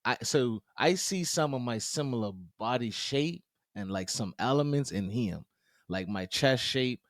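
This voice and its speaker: Lively man telling a story. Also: mid-range voice, a little slow, no echo, studio quality. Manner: animated storyteller, quotes people in his own voice; loose slangy talk with frequent "you know what I'm saying". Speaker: podcast co-host. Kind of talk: casual chat.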